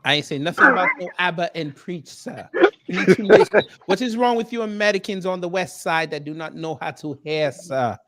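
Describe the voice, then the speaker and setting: A man doing a pompous, mock-posh British gentleman in comedic banter, clipping "sir" onto nearly every line. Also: on the high side, brisk, natural voice. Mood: condescending.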